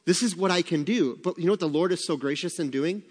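Animated pastor in an echoey room. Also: male voice, high-pitched, quick pace. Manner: animated, acts out quoted worries. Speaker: pastor leading a church group. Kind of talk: informal group devotional talk.

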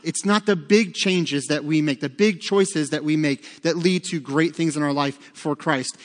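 High-voiced pastor, reverberant church. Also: male voice. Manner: earnest, repeats words at restarts. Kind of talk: sermon. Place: church sanctuary.

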